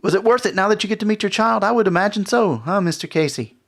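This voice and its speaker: A man's voice: high-pitched, quick pace, vocal fry, pitched above the performer's own voice. A man voicing a haughty, mocking female vampire prince in a tabletop game, with a sly, sarcastic manner. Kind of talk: tabletop role-play voice acting.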